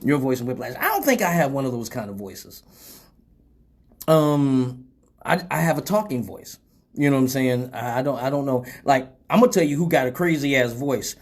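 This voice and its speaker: A man's voice: medium pitch, expressive, brisk, husky. A man hosting a casual live show, rambling loosely and swearing freely after a few drinks. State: tipsy from drinking. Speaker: host.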